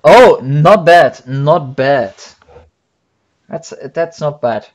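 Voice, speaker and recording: A man with a German accent and a fairly high voice chats casually on a stream. He talks in animated bursts, stumbling through fillers and repeated words as he hunts for English. His speech runs loose and unscripted. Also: soft background music. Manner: animated, halting with many fillers and restarts. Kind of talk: casual chat.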